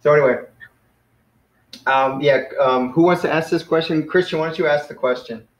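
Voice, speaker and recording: A man's voice: on the high side, normal speed. Casual man teaching in a roomy classroom. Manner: relaxed, lots of fillers and self-corrections. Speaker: Greek teacher. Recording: roomy, dull lo-fi classroom recording.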